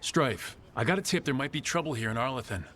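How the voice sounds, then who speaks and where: An actor playing a steady male adventurer hero in a video game, speaking in a calm, decisive, plain-spoken way. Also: medium pitch, fast talker, a little hiss or hum.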